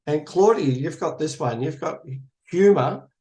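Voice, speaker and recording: A man's voice: fairly high pitch, animated, unhurried, mellow. A man facilitating a conversation card game over a video call, introducing each card and thanking each participant. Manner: encouraging, thanks each speaker. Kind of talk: guiding a group conversation.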